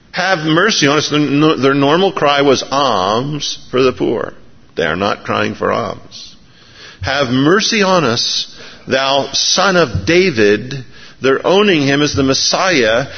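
Man, preacher, sermon, acts out story characters, muffled sound, long reverb. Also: fairly high pitch. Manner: acts out biblical characters in lively raised voices. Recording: dull recording in a reverberant hall.

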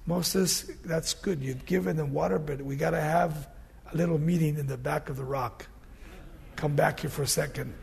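Brief: God as a stern, patient deity, lowered and confiding, gravelly, put on by a male preacher. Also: steady tone, moderate pace, darkish tone, heavily acted.

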